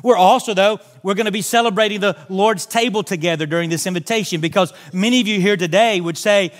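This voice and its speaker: A man's voice: high voice, quick pace, few pauses. A pastor preaching a sermon in a church, making earnest, direct appeals to his congregation. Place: church sanctuary.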